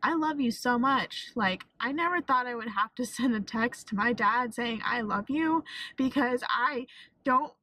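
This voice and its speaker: A woman's voice: fairly high pitch, lively intonation, unhurried, bright, forceful tone, no room sound, low-quality recording. A young woman with a Texan accent talking through tears in a casual storytime vlog, swearing and saying "like" a lot. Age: young adult. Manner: emotional, swearing, fillers of "like". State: tearful, crying. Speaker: vlogger.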